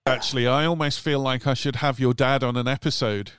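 A man's voice: mid-range voice, fairly even intonation, brisk, fairly bright tone. A man hosting a casual chat, mostly giving short encouraging replies and dry jokes. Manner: brief encouraging backchannel, dry quips. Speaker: podcast host.

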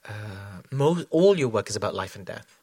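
A man's voice: fairly low pitch, lively intonation, moderate pace, darkish tone, breathy edge, no room sound. A man talking as a choreographer in an onstage conversation, reflective, with many fillers and restarts. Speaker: choreographer guest.

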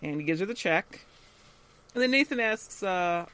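Lively, laughing male podcast co-host. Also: high-pitched, moderate pace. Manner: animated, laughs often, acts out quoted lines. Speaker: podcast co-host recapping a TV episode. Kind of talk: casual chat.

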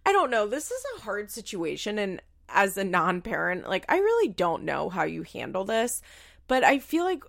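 Woman, casual recap podcaster, lively swooping delivery, gravelly fry, incredulous and profane. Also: mid-range voice, normal speed, dry recording, clean studio sound. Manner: animated, incredulous, swears freely. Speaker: reality show recap podcaster.

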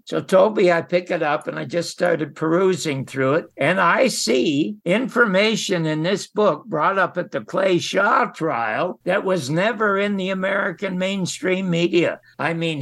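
An older man with a somewhat high, gravelly voice, recounting old stories as an interview guest. He tells them casually and with animation, stopping for emphatic asides. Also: a bit bright. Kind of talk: casual storytelling.

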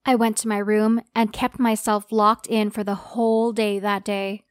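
A woman's voice: medium pitch, little pitch movement, moderate pace, no room sound, clean studio sound. A woman narrating a dramatic first-person story in an earnest, dramatic telling.

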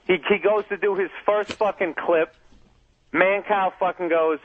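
Profane comedian telling a story over a phone line. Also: male voice, sits high, steady tone, unhurried. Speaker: comedian guest. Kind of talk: casual radio chat, storytelling.

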